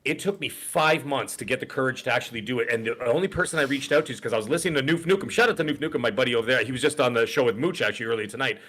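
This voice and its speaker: A quick-talking middle-aged man in easy podcast chat, spilling one rambling story into the next. He speaks at an ordinary pitch and slips into short put-on voices whenever he quotes someone. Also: a bit bright. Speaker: podcast co-host. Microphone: desk podcast microphone.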